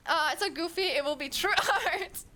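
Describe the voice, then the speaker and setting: High, bright giggly streamer woman. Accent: German. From Germany. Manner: chatty and giggly, rambling with many fillers. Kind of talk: casual chat with viewers. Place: home streaming setup.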